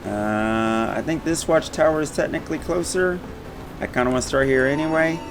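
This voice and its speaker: A man in casual gaming chat with a friend, excitable and swearing often. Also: on the high side, normal speed. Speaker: gamer streaming with a friend. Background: game music.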